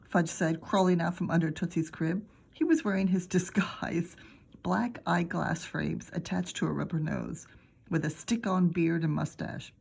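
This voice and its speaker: A middle-aged woman teacher reading a children's book aloud with expressive, chatty asides. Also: fairly low pitch, moderate pace, creaky, husky. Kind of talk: read-aloud storytelling for children.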